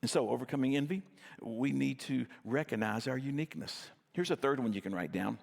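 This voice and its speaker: A middle-aged pastor delivers a sermon in a relaxed, storytelling way, poking fun at himself. His voice has a gravelly, creaky edge, and it rings with the long reverb of a large church hall. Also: medium pitch, brisk. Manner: conversational storytelling, self-deprecating.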